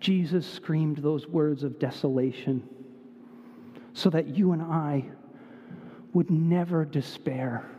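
A man with a high voice preaches an impassioned sermon in a church, his tone swinging between hushed and raised. The sound is dull, with a long reverb trailing off each phrase. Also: slow, long pauses. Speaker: pastor.

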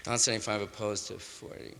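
A man's voice: fairly low pitch, steady tone, fast talker, vocal fry, pushed and bright. A male stand-up comedian rambling through a loose, improvised monologue full of hip jazz slang, recorded live on a concert hall stage. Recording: live 1961 concert hall recording with reverb and faint hiss.

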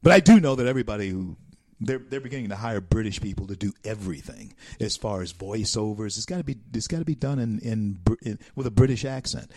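An American man hosting a talk show, delivering an animated, preacherly monologue with repeated phrases. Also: fairly low pitch, normal speed, dry recording, studio quality. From United States.

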